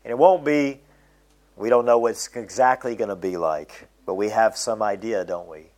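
A middle-aged man preaching a sermon, reading scripture aloud and slowing down to stress its key phrases. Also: fairly low pitch, a little mellow.

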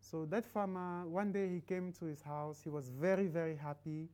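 Woman preacher, low and mellow, casual conversational sermon. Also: steady tone, normal speed, rough recording. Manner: conversational, tells a story, asks the congregation questions. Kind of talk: sermon with closing prayer.

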